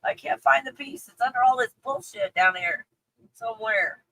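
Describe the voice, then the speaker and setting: On a rough recording, a Texan woman with a faint accent talks at a moderate pace in a husky, sharp voice that sits on the high side. Chatting casually on her livestream, she reads viewer comments, swears freely, and laughs a lot in a candid, profane way.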